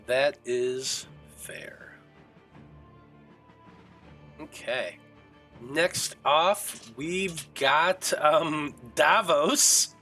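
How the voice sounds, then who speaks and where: A man's voice: a little high, extremely slow, long pauses, pushed and bright, faint music behind, rough recording. A man narrating as game master of a tabletop game in a casual, hesitant way with fillers.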